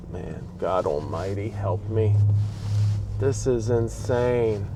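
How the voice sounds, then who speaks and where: A man's voice: on the low side, drawn-out words, warm tone. A man from the Bronx with a New York accent, ranting in a vlog while he drives and talking back at the traffic around him. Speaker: vlogger. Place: inside a car on city roads. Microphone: dash-mounted camera. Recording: faint road noise inside a car. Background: traffic and street noise.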